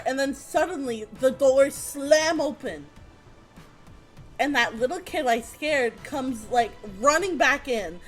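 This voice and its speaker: A young adult woman telling a casual storytime, animated, laughing often, swearing freely and acting out the people she quotes. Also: sits high.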